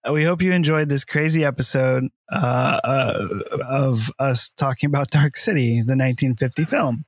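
A man's voice: mid-range voice, moderate pace, no echo. A man hosting a casual film podcast, easygoing and jokey, laughing often. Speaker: podcast host.

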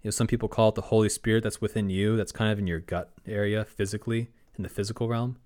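A man hosting a spiritual podcast, talking in a calm, gently instructive way. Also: fairly low pitch, fast talker. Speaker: podcast host.

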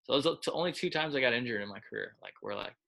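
A man's voice: mid-range voice, animated, racing, vocal fry, bright, forceful tone. A man who coaches quarterbacks, telling stories in a casual interview in a loose, chatty way, full of filler words. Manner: loose and chatty, heavy with filler words, acts out quoted lines.

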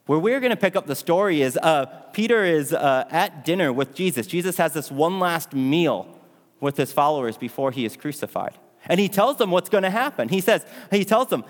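A man's voice: on the high side, lively intonation, brisk. Dramatic male preacher in an echoing hall. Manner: dramatic, asks the audience questions. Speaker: pastor. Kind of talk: storytelling sermon. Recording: long hall reverb.

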